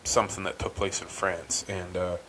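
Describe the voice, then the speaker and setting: Man, low voice, rambling podcast monologue, lots of fillers, faint noise behind. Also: little pitch movement, normal speed, fairly bright tone, poor audio. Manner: rambling, many ums and restarts. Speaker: podcast host. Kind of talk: casual storytelling monologue.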